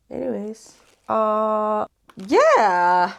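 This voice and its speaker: A woman's voice: medium pitch, unhurried. A woman chatting casually on her book vlog, playful and talking straight to her viewers, with the odd swear word thrown in. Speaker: book vlogger.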